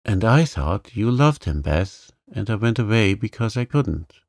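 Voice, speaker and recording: Man playing a headstrong young woman, pleading, deep voice, dry close sound. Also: big pitch swings, a little slow, dry recording, heavily acted. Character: passionate, headstrong young woman, loving sister.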